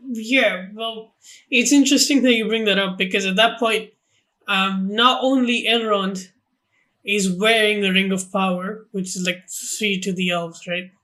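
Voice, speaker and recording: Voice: mid-range voice, steady tone, unhurried, pushed and bright. A podcast co-host explaining film lore in casual chat, hesitant and full of fillers.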